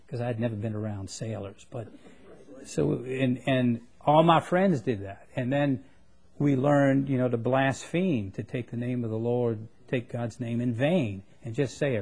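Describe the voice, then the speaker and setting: A man preaches a sermon in a plain-spoken, folksy way, reading scripture in quick bursts and raising his voice for emphasis. His mid-range voice is darkish and slightly rough.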